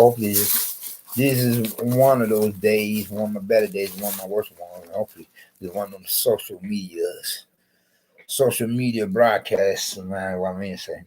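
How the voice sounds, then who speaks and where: A man's voice: lowish voice, slight background noise, poor audio. A man rambling through a solo social media broadcast, often repeating himself and restarting his sentences.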